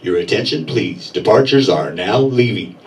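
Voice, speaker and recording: A man's voice: on the low side, animated, moderate pace, pitched below the performer's own voice. Man doing a stiff bus station announcer. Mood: announcing. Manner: formal announcing, mangled words. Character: bus station male announcer, bungling fake Spanish. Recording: far-off mic, loud crowd laughter.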